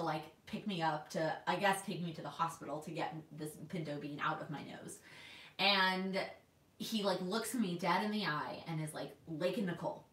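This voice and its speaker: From home in New York, a twenty-something woman from Texas who runs a planner vlog chats casually with her livestream audience, voicing their comments and frequently restarting. Her lowish, fairly bright voice comes through a distant mic with noticeable reverb.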